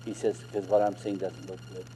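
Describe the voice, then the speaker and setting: A man's voice: low voice, level tone, brisk, warm tone, a little hiss or hum, rough recording. A middle-aged man, a minister, telling his own story as a sermon testimony, retelling conversations with repeated emphatic phrases.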